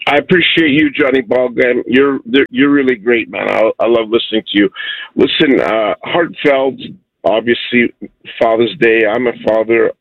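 Gravelly middle-aged caller on a dull line. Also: male voice, mid-range voice, normal speed, dry recording. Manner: heartfelt, animated storytelling. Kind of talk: phoned-in storytelling.

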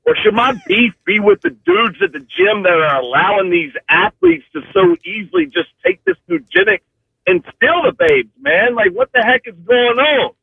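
A man's voice: very high-pitched, huge pitch swings, normal speed, no echo. A man calling in to a sports radio show, making a joking, incredulous complaint. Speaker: caller. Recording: gravelly voice over a dry tinny phone line.

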